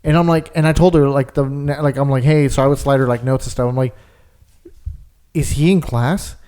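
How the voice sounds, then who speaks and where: A man's voice: medium pitch, steady tone, a little fast, mellow, clean tone. A young man co-hosting a podcast, telling a long story in casual chat and leaning hard on fillers. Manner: rambling storyteller, lots of "like". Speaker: podcast co-host.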